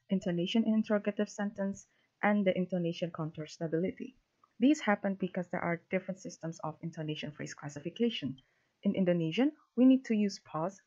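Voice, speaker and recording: A woman with a lowish voice reads a prepared research presentation. She keeps an even, formal delivery and drops in the odd filler. The recording is dull and lo-fi. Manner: steady, formal reading with a few fillers. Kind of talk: reading a prepared academic presentation.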